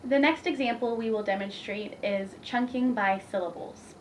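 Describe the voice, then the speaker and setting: A woman's voice: a little high, normal speed. A young woman playing the student in a scripted reading demonstration, reading her lines plainly. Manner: reads lines plainly, answers briefly. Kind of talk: scripted role-play. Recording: distant mic with faint background noise.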